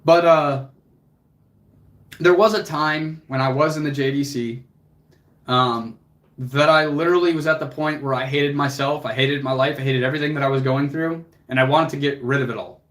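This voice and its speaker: A man's voice: mid-range voice, fairly bright tone. A young man hosting a livestream, speaking earnestly and emotionally to viewers, motivational and casual with swearing. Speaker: fitness coach and livestream host.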